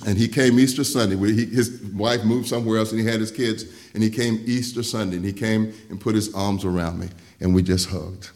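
A middle-aged male pastor preaching a sermon, telling stories in a folksy way, laughing between lines and swinging from loud to hushed. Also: on the low side, steady tone, fairly quick, hardly any pauses. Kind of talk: sermon with storytelling.

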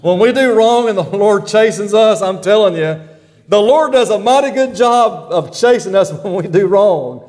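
A man preaching a sermon, reading Bible verses with slow, drawn-out emphasis and asking the congregation for responses. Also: sits high, animated, a little mellow, big-room sound.

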